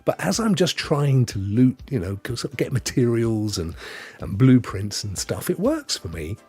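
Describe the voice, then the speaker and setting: A man's voice: medium pitch, sing-song, moderate pace, darkish tone, husky. A man hosting a gaming show alone, chatting in a rambling, chuckling way to his live-stream audience. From United Kingdom. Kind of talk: solo live-stream chat. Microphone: headset.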